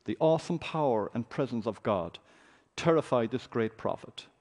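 A man's voice: mid-range voice, expressive, normal speed, a little mellow. A man preaching a sermon, reading scripture aloud with a dramatic, raised voice.

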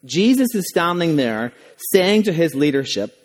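A man's voice: fairly high pitch, sing-song, unhurried. A man preaching a sermon as a pastor, emphatic and full of rhetorical questions. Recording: long reverb of a large hall.

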